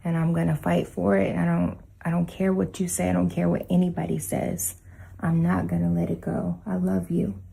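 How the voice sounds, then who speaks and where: A woman's voice: fairly low pitch, little pitch movement, moderate pace, creaky, dark tone, slightly rough, heavily acted, rough recording. An actress playing a clingy, possessive young girlfriend in a comedy sketch, pleading and insistent.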